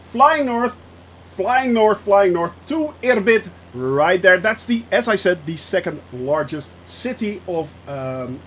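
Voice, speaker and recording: Streaming a flight simulator, a young man talks casually with his viewers, reacting to chat and laughing a lot. His voice is high-pitched and a bit bright, with slight background noise.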